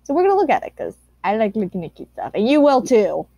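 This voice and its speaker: A woman's voice: on the high side, big pitch swings, quick pace, gravelly, warm tone, husky, dry recording. A woman giving casual commentary on fan art, gushing and cooing with some casual swearing. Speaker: YouTuber reacting to fan art.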